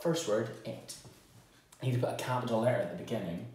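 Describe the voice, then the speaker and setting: A man teaching a children's phonics lesson, sounding out words slowly and cheering the children on. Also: mid-range voice, darkish tone. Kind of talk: home-learning phonics lesson. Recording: very echoey room.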